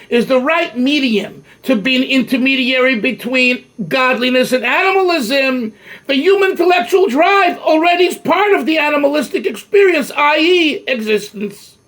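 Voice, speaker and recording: An older man teaching a Torah class as a rabbi, talking in an animated, emphatic way and often restarting his sentences. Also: extremely high pitch. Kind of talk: Torah lecture.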